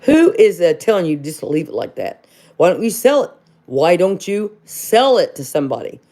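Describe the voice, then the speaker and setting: A woman's voice: fairly low pitch, big pitch swings, moderate pace, dark tone. Woman, middle-aged, livestream host, casual, rambling, calls viewers honey, fired-up rhetorical questions.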